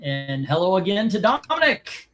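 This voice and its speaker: A man's voice: high-pitched, sing-song, moderate pace, a bit bright. A middle-aged man hosting a live comic auction stream, chatting casually in a rambling, jokey way with lots of fillers.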